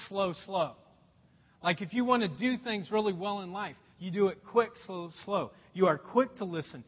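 Animated husky-voiced preacher man. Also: sits high. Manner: animated, addresses listeners as folks, asks rhetorical questions. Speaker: pastor. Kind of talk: sermon. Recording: echoey hall, dull lo-fi sound.

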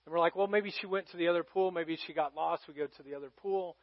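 A middle-aged male pastor telling a personal story in a sermon, conversational, swinging from loud calls to hushed moments. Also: fairly high pitch, fast talker, no room sound, lo-fi sound.

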